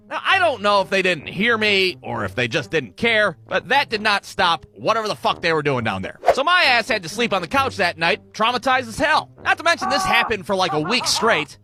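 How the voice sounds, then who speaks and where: Animated, foul-mouthed young man telling a story. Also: high voice. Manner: profane, animated, acts out voices. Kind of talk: comedic storytime monologue.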